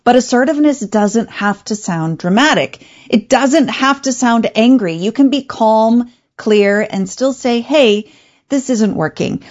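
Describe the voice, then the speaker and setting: A woman hosting an advice show, talking in a calm, clear, coaching way. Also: fairly high pitch, highs cut off. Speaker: radio show host. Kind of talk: advice talk show monologue.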